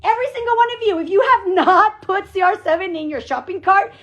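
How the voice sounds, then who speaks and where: A woman team leader giving an energetic motivational pep talk on a group call, emphatic and repeating her phrases. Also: very high voice, quick pace. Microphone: call audio.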